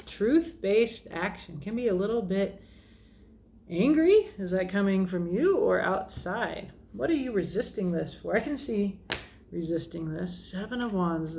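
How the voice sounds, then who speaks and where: A woman with a gravelly, creaky voice gives a casual tarot reading. She talks slowly and thinks aloud as she goes. Her tone is chatty and self-deprecating. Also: medium pitch, a little mellow. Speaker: tarot reader.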